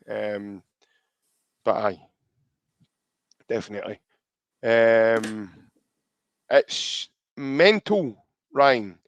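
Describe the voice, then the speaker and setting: A man's voice: medium pitch, no echo. A man with a Scottish accent hosting a podcast in casual chat, reading out viewer comments and calling his co-host mate. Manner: chatty, calls co-host mate.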